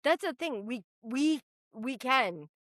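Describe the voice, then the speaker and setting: A woman from New Hampshire tells stories in a casual podcast chat, blunt and quick to curse. Her voice is high and bright and swings widely in pitch. The sound is dry and close, with little room echo. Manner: animated, blunt and profane, storytelling. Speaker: state representative guest.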